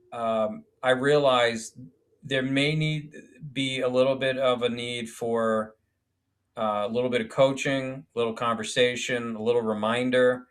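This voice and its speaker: A filmmaker guest on a podcast, this man has a medium-pitched, slightly bright voice. He tells stories animatedly, acting out quotes and swearing casually.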